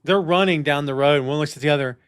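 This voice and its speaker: A man's voice: fast talker, smooth, no echo, studio quality. A man co-hosting a casual movie commentary podcast, joking around and acting out silly voices. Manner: jokey, acts out silly voices, big pitch swings. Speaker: podcast co-host.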